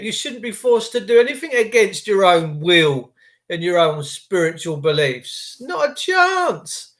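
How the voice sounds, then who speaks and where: High-voiced ranting man. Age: middle-aged. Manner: animated, blunt, swears freely. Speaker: podcaster. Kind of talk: ranting monologue.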